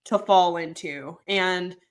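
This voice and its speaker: A woman's voice: fairly low pitch, takes it slowly. A woman co-hosting a podcast, talking in an earnest, reflective way. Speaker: podcast co-host. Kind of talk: casual podcast chat.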